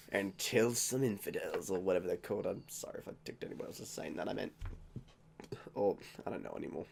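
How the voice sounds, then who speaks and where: An Australian man talking casually in a beer-tasting vlog, rambling, jokey and quick to mock himself. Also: deep voice, vocal fry, husky. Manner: rambling, jokey and self-mocking. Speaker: vlogger.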